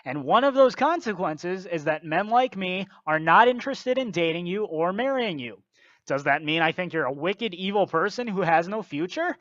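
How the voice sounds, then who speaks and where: A man's voice: high-pitched, lively intonation, moderate pace, a bit bright, no room sound, highs cut off. A man giving blunt, lecturing scripted commentary on a video.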